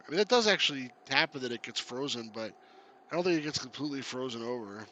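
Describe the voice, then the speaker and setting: A man's voice: mid-range voice, expressive, fast talker, pushed and bright. A man giving casual, chatty commentary while playing a game, reading the on-screen text aloud and laughing often. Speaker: game reviewer.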